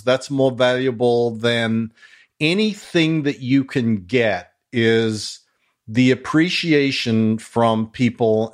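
An older man with an Australian accent, a podcast guest speaking in a measured, reflective way with touches of dry humor. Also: medium pitch. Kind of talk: casual interview chat.

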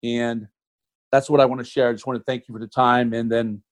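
A man's voice: mid-range voice, little pitch movement, fairly quick. A man in his forties, a guest on an interview show, talking in a rambling, friendly, folksy way. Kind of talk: casual interview talk.

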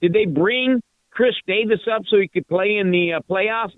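A man's voice: high-pitched, normal speed, dry recording. An older man calling in to a sports radio show, ranting in frustration and tripping over repeated words. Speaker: radio call-in listener. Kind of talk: angry fan phone call. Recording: tinny phone line.

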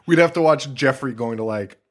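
A man co-hosting a horror movie podcast, excitedly retelling scenes in casual, profane chat. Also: mid-range voice, fairly quick. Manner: excitable, swearing, retells scenes with quoted voices. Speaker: podcast co-host.

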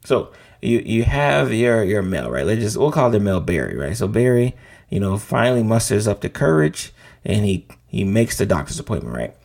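Middle-aged guy doctor talking health stuff, kinda low voice, keeps saying right?. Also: big pitch swings, normal speed, creaky, a little mellow. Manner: conversational, frequent "right?" asides. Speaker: physician host. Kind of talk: casual educational talk.

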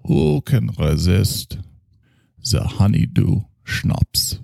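A man voicing a pompous, tipsy male German psychoanalyst with a put-on German accent, slow and grandiose in his boasting. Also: fairly low pitch, very animated, vocal fry, mellow, no room sound, clean studio sound, full character voice. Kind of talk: improvised comedy character.

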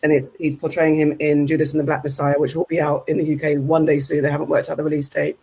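A woman hosting a podcast in a casual, flustered and excitable way, passing the talk to her guests. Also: low-pitched, quick pace, slightly rough. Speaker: podcast host.

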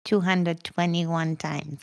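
A woman playing in a tabletop game, answering quick questions with teasing, giggly replies. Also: lowish voice, level tone, creaky, no room sound. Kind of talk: casual chat in character.

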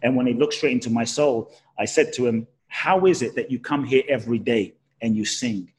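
A man as a podcast guest, telling a personal story with animated, swooping pitch and frequent restarts. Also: brisk, breathy edge. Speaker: guest, spiritual teacher.

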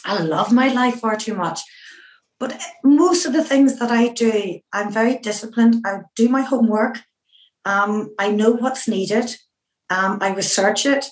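A middle-aged woman from Northern Ireland with a Northern Irish accent, telling stories as an interview guest in a lively way, with many fillers. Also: a little high, a little slow, reverberant, poor audio. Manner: lively storyteller who acts out her own past remarks, with many fillers. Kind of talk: anecdotal interview storytelling.

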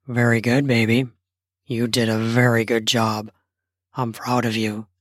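A woman voicing a grown husband who coaxes and reassures his wife in a low, soft voice, in improvised erotic storytelling. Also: little pitch movement, a little slow, no room sound, clean studio sound. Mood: coaxing. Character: husband Jasper, a coaxing, reassuring grown man.

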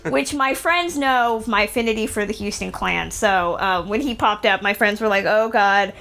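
A woman's voice: mid-range voice, moderate pace, vocal fry, sharp tone. A woman co-hosting a film podcast, chatting in an enthusiastic, casual way. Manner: chatty, enthusiastic, some fillers. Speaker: podcast co-host. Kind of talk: casual film review chat.

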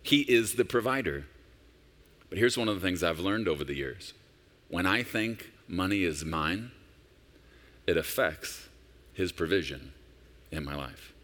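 A man's voice: low voice, animated, a little slow, pauses often, fairly bright tone. A senior pastor in his forties preaching a sermon in a conversational, personal storytelling manner with emphatic rises. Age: 40s.

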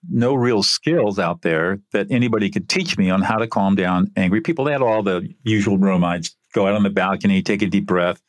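An older man, an interview guest, telling a story from his work in an earnest, animated way. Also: on the low side, no echo, clean studio sound.

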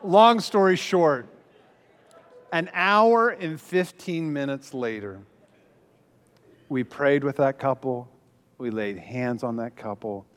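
A man's voice: mid-range voice, takes it slowly, pauses often, big-room sound. A man speaking as a pastor, telling a story with self-deprecating humor and many fillers. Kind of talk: humorous teaching talk.

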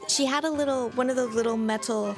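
A woman co-hosting a food podcast, telling stories in a lively, casual way. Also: on the high side, fast talker, music in the background. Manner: storytelling, animated. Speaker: podcast co-host, magazine editor.

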